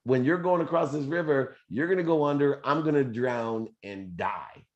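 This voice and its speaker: A man's voice: mid-range voice, normal speed, highs cut off, pitched above the performer's own voice, lightly acted. A man voicing a male scorpion in a fable, casual and persuasive with a slangy way of talking. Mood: reassuring.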